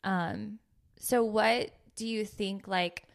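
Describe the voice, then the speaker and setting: Earnest woman host with vocal fry. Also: mid-range voice, fairly even intonation, slow pace. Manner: earnest, playful, reads scripture aloud. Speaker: podcast host. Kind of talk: casual faith podcast chat.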